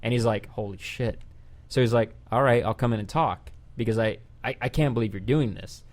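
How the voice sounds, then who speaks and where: A man hosting a laid-back podcast, spinning a long yarn with plenty of swearing. He slips into quoted lines as he goes, with an animated, chatty delivery at an ordinary pitch. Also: fairly quick. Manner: animated, profane retelling with voiced quotes. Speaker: podcast host. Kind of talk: casual podcast storytelling.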